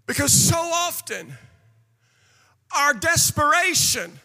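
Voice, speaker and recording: Male pastor, sermon, slow deliberate delivery, sing-song shouting cadence, long hall echo. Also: very high voice, very animated.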